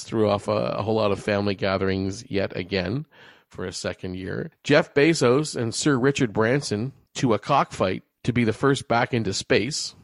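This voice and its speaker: A man's voice: lowish voice, vocal fry, no echo, studio quality. A man in his forties from Nova Scotia, co-hosting a podcast in casual, rambling chat with lots of fillers. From Nova Scotia, Canada. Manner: rambling, laughs often, many fillers. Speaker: podcast co-host.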